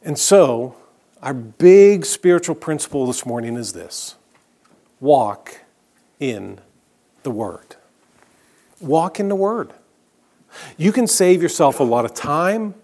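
A middle-aged male pastor preaching a sermon, telling stories in a conversational way and dropping to a hush on key phrases. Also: on the high side, animated, unhurried.

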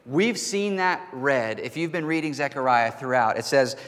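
An earnest man preaches a sermon, pressing hard on key words and slowing to let them land. His voice sits in a middle register. The sound carries the long reverb of a large hall. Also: medium pitch, fairly bright tone. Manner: earnest, emphatic, slows down to stress key words. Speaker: pastor. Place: church hall.

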